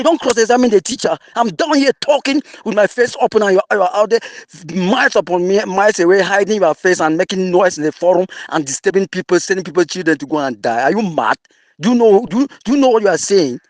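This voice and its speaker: A man with a Cameroonian English accent mixing in Pidgin, angrily insulting an opponent in an online audio debate. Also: sits high. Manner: angry, insulting, mocking.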